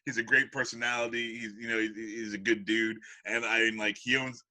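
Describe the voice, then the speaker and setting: A man co-hosting a casual podcast chat, excitable and laughing often. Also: medium pitch, brisk, rough recording. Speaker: podcast co-host.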